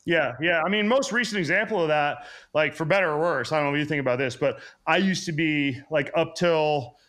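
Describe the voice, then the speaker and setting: A man talking as a guest on a podcast, explaining health routines quickly in a casual style full of "like" and "um". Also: fairly high pitch, a bit bright. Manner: quick, explanatory, lots of fillers like "like" and "um". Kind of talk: casual interview chat.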